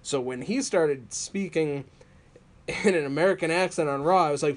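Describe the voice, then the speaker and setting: A man casually telling wrestling stories on a podcast, animated and laughing often. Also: a little high, moderate pace. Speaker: podcast co-host.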